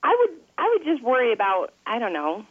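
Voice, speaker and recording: A woman co-host on talk radio answers in a hesitant, soft-spoken way. Her pitch swoops widely and sits a little high. The recording is dull and lo-fi. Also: very animated, a little fast, breathy edge.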